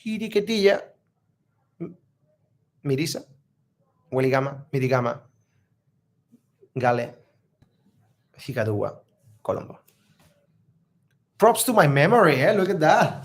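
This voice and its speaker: A man's voice: a little high, sing-song, normal speed, long pauses. Man, travel vlogger, casual live Q&A, rambling, filler-heavy, upbeat and friendly. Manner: friendly, upbeat, laughs easily.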